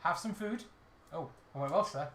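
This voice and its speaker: A man voicing a boisterous male tavern keeper in an exaggerated put-on Irish accent, loud and teasing. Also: on the high side, lively intonation, normal speed, reverberant. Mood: hearty.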